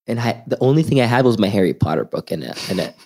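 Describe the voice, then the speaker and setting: Young Swedish-raised man telling animated stories. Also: lowish voice, fast, slightly rough. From Sweden. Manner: animated storyteller, acts out voices in quoted lines. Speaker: podcast guest. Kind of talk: casual storytelling.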